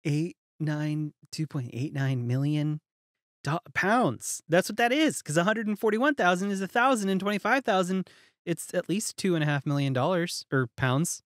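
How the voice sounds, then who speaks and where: A man's voice: fairly high pitch, moderate pace, no room sound. Jokey male co-host, dry close sound. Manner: jokey, riffs on absurd bits, sudden loud whoops. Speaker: podcast co-host. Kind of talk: casual podcast chat.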